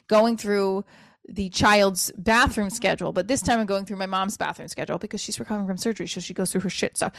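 A woman's voice: medium pitch, fast, creaky, no room sound. Rambling, foul-mouthed woman in her forties. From New Jersey. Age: 40s. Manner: rambling, profane, self-deprecating. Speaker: podcast host and comedian. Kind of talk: casual solo podcast monologue.

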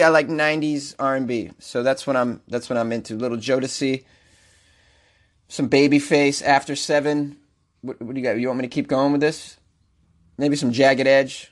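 A man hosting a comedic news podcast, rambling and joking in a self-mocking way. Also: medium pitch. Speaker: podcast host.

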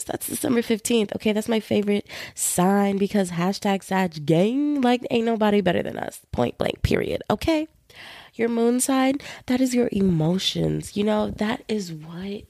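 Young female podcast host, solo chat. Gravelly, dark-toned, dry close sound. Slangy and animated. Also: medium pitch, dry recording. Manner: chatty, slangy, animated storytelling. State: feeling run-down.

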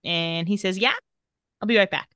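A woman's voice: mid-range voice, moderate pace, smooth, dry recording, clean studio sound. A woman co-hosting a podcast, animatedly retelling TV scenes and quoting the characters' lines in casual chat. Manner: animated retelling with quoted dialogue. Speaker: podcast co-host recapping a TV episode.

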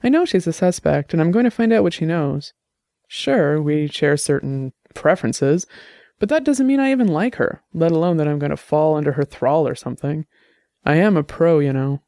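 A man reading the lines of a weary, wry investigator with a rasp in his voice. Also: on the high side, expressive, normal speed, dark tone, dry recording, clean studio sound. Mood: dry. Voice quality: raspy.

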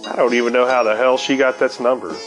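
A man's voice: medium pitch, flat delivery, fast talker. Laid-back, profane man with faint sitar music. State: high. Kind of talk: casual storytelling.

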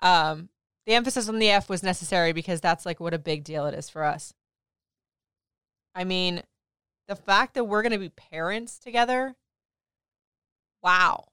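A woman's voice: on the low side, normal speed, long pauses, clear, resonant tone, dry recording. Candid woman chatting with a close, dry sound. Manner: candid, laughing, lively storytelling. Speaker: podcast host. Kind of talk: casual personal chat.

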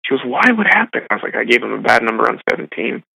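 A man's voice: medium pitch, little pitch movement, very fast, creaky, pushed and bright, no echo, rough recording. A young man working as a caddie, rambling through stories in a casual, self-deprecating way. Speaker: golf caddie being interviewed. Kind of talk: casual storytelling.

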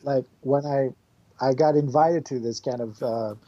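A man's voice: medium pitch, steady tone, mellow, muffled recording. A man who learned English as a second language, a composer guest chatting casually with many fillers and restarts. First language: not English. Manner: halting, many fillers, laughs often. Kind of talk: casual podcast chat.

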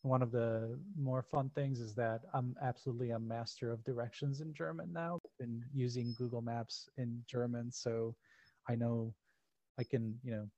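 Flat-voiced gravelly man chatting. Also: medium pitch, normal speed, no echo, dull audio. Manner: rambling, full of fillers and restarts. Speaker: podcast co-host. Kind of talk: casual chat.

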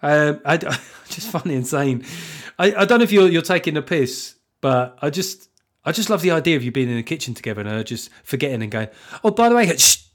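Blunt, sweary podcast host. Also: male voice, a little high, expressive, a little fast. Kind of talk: comic solo podcast monologue.

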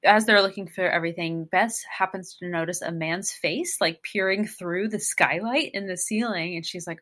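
A woman's voice: on the low side, normal speed, few pauses, fairly bright tone. A woman co-hosting a podcast, retelling a mystery plot in a wry, matter-of-fact way. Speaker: podcast co-host. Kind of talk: casual book discussion.

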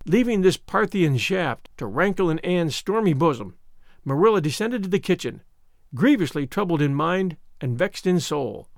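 A man narrating a classic novel in an expressive, animated storybook manner. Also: sits high, no room sound, clean studio sound. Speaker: audiobook narrator.

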